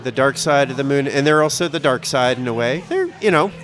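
A man's voice: mid-range voice, animated, fairly quick, fairly bright tone, faint music behind. A man from the American Midwest, co-hosting a casual podcast chat and telling long, rambling stories full of swearing. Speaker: podcast co-host.

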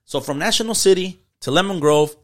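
Young man, rapid casual storytelling, profane slang, Spanish words sprinkled in, podcast host. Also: sits high, a bit bright.

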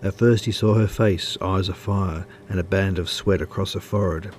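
Male narrator; very low voice, measured storybook reading. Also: fairly even intonation, darkish tone, slight background noise. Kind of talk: audiobook narration.

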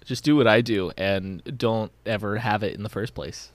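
A man's voice: fairly low pitch, normal speed, dry recording. A man playing in a tabletop game, chatting casually with a dry, joking manner. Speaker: player.

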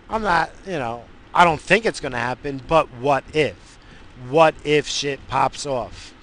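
This American man hosts a radio show and rants from inside his car, profane, rambling and fired up. His voice sits fairly high, creaky and a bit bright.

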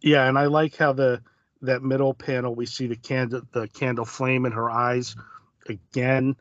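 A man co-hosting a podcast in relaxed, thoughtful casual chat. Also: medium pitch, normal speed, no echo, muffled recording. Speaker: podcast co-host.

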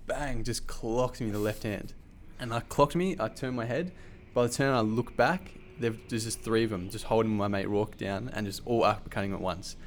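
A man telling a story in casual chat, animated and swearing freely, with lots of fillers. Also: fairly low pitch, moderate pace, few pauses, a little hiss or hum.

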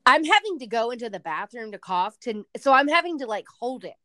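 A young adult woman co-hosting a podcast in casual chat, chatty and quick to laugh. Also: on the high side, very animated, bright, forceful tone, no echo, studio quality. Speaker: podcast co-host.

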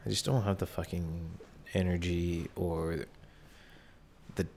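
A man's voice: low-pitched, level tone, slow, a little mellow, slight background noise. A young man in casual chat, laid-back and rambling, poking fun at himself.

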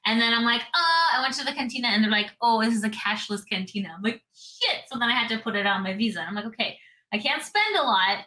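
A woman's voice: fairly high pitch, animated, fast talker, sharp tone, low-quality recording. A woman co-hosting a casual podcast, telling a story in a rambling way, full of "like" and restarts. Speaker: podcast co-host. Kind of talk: casual chat.

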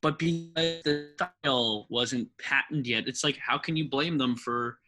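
A man's voice: mid-range voice, measured pace, bright, forceful tone, faint music behind. A man co-hosting a podcast, chatting in a jokey, rambling way about ranking films. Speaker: podcast co-host. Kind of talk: casual film-ranking chat.

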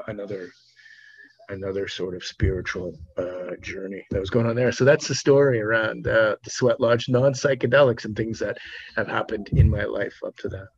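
Husky low-voiced man telling stories. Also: poor audio. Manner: rambling, many restarts and fillers. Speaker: podcast host and author being interviewed. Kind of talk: casual storytelling interview. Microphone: remote podcast mic.

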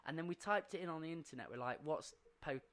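A man, co-hosting a casual podcast, telling animated stories, acting out quotes and laughing often. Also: a little high, fast. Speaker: podcast co-host.

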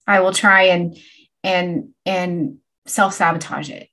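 A woman's voice: fairly low pitch, level tone, takes it slowly, pushed and bright. A woman co-hosting a podcast, talking earnestly and reflectively in casual conversation. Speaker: podcast co-host.

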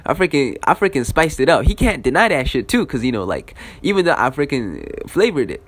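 Young guy, casual profane storyteller, lots of "you know" and "like", swinging pitch. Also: very animated, brisk, husky. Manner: loose, profane, filler-heavy.

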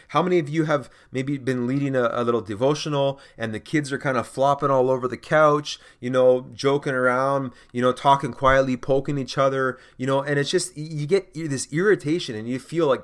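A man hosting a faith podcast, speaking earnestly and urging listeners he calls gentlemen. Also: medium pitch, steady tone, fairly quick, few pauses. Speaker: podcast host. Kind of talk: exhorting faith podcast monologue.

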